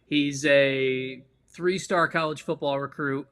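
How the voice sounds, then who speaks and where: A man co-hosting a podcast, giving emphatic, loud commentary on draft picks. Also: a little high, steady tone, slow pace, clean tone. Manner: emphatic, loud, breaking into laughs. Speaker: podcast co-host, analyst. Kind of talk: excited commentary.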